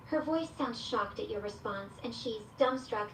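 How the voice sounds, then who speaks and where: Woman voicing a fed-up ai chatbot girl, kinda high voice, reads her own stage directions out loud, echoey far-off speaker sound. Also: normal speed, a little hiss or hum, natural voice. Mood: exasperated. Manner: reads aloud her own stage directions before each quoted reply. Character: exasperated female AI chatbot companion. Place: played through a speaker in a room, picked up by a security camera.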